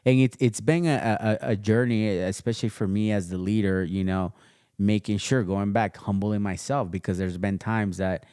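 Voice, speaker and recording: A man's voice: lowish voice, steady tone, moderate pace, dark tone, clear, resonant tone, no room sound. Laid-back man telling his story, dry sound. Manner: laid-back, storytelling with lots of fillers and restarts. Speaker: podcast guest, custom sneaker entrepreneur. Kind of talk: casual podcast chat. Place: his home studio.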